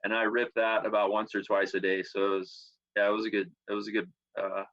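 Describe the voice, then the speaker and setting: A man's voice: lowish voice, a little fast. Laid-back guy rambling on a zoom call, dull lo-fi sound. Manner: relaxed, rambling, many fillers. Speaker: guest athlete. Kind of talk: casual interview answers. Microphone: computer on a video call. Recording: lo-fi video-call audio.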